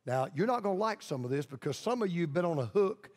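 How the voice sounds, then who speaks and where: A male pastor preaches an emphatic sermon, repeating lines for stress and leading the congregation in call-and-response. His high-pitched voice is sing-song, fast and a little mellow, carried by the long reverb of a large hall.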